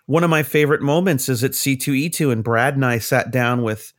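A middle-aged man spins stories on a casual podcast. His pitch sits in the middle, and he livens his tales by putting on the voices of the people in them. His talk is loose, with fillers and the odd curse. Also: fairly quick. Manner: animated anecdotes, acts out quoted voices, swears. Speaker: podcast co-host, cartoonist. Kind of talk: casual storytelling chat.

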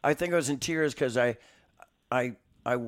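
A man in his sixties, appearing as a guest musician in a studio, tells stories in a rambling, self-mocking way with many restarts. His voice is mid-range and his speed normal, in casual interview storytelling.

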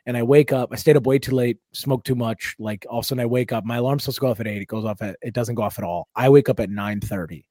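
A man's voice: medium pitch, fast talker, hardly any pauses, no echo, studio quality. Young man telling a profane story. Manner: loose, profane, animated storytelling. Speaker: comedian podcast host. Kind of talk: casual podcast storytelling.

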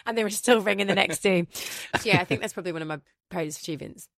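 A Scottish woman from Glasgow, a DJ guest in a casual interview, telling stories in an animated way and acting out the voices she quotes. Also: mid-range voice, quick pace, vocal fry, no room sound, clean studio sound. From Glasgow, Scotland. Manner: animated storyteller who acts out quoted voices.

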